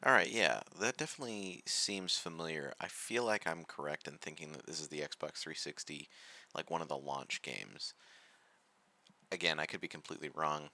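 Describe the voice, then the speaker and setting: A man's voice: rumbling low, moderate pace, bright, forceful tone. A man hosting casual let's-play commentary, rambling and self-deprecating with lots of fillers. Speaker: gaming channel host.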